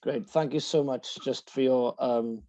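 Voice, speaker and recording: A man's voice: medium pitch, steady tone, measured pace, warm tone. A male podcast host speaking earnestly and steadily as he wraps up an interview. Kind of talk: interview wrap-up. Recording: dull, dry lo-fi sound.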